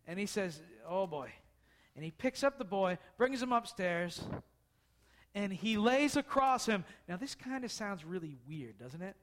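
A man's voice: high-pitched, very animated, a little slow. A man preaching a casual storytelling sermon, talking conversationally and asking the listeners questions.

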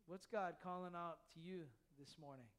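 A man's voice: high voice, normal speed, a bit bright. A man preaching a sermon in church, earnest and full of repetition. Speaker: pastor.

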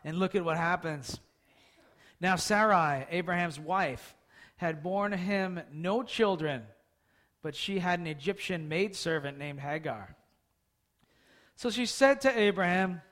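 A man's voice: high voice, measured pace, long pauses, fairly bright tone. A man preaching a sermon in a conversational way, often putting questions to his listeners. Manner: conversational, asks the audience questions.

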